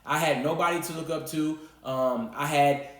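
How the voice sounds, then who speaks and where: A man's voice: a little high, fairly even intonation, moderate pace, a bit bright. A man co-hosting a casual podcast conversation, talking candidly and earnestly about his own life. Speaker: co-parenting podcast co-host. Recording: roomy echo.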